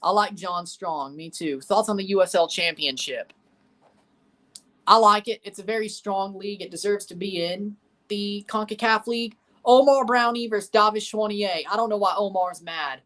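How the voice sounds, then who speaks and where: Hosting a livestream where he watches a soccer match, a man with a high voice and sharp tone speaks at normal speed. He answers chat in a blunt, opinionated way and keeps circling back to what he's already said.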